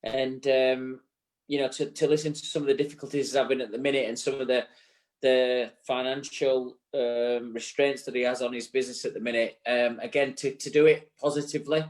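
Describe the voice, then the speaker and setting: A man's voice: mid-range voice, steady tone, brisk. A man with a Yorkshire accent co-hosting a live show, talking in an earnest, rambling way and swearing now and then. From England. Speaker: co-host. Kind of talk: casual live show chat. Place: bar set.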